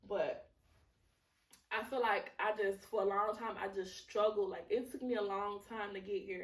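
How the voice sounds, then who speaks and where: A woman's voice: mid-range voice, steady tone, moderate pace, reverberant, distant mic. A woman hosting a podcast, telling a personal testimony in a candid, emotional way, swearing freely and using many fillers. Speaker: podcast host.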